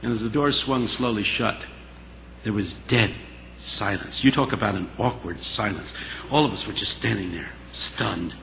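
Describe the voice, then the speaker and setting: Gravelly forceful guy telling a story, big echoey hall, bit of hiss. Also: lowish voice, moderate pace. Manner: animated, dramatic storyteller. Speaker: speaker. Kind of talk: storytelling speech. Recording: long hall reverb, faint hiss.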